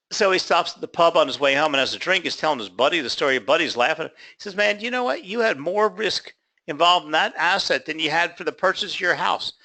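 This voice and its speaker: Male trading instructor, fairly high, gravelly, bright voice; lecture told as a story with quoted dialogue. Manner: acts out both sides of a dialogue, casual fillers like "you know". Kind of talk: class lecture told as an anecdote.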